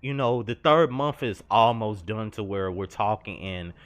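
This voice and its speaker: A man's voice: on the low side, unhurried. A young man telling a personal story over gameplay, earnest and confessional, slangy and rambling. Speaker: gaming vlogger.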